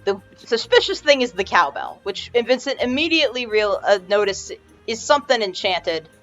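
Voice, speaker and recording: A woman's voice: a little high, animated, moderate pace, fairly bright tone. Brief: woman game master, rambling narration, dull lo-fi sound with faint music. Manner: rambling, restarts often, many fillers.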